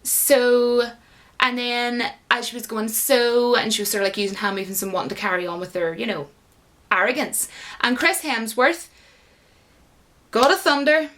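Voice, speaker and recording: A woman's voice: on the high side, moderate pace, long pauses, fairly bright tone. A woman giving a casual, indignant and sarcastic rant as a commentator, full of fillers. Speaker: YouTube commentator.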